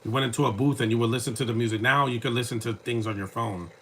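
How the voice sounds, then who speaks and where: Bright-voiced man giving movie commentary. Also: mid-range voice, steady tone, very fast, slight background noise. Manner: rambling, joking asides.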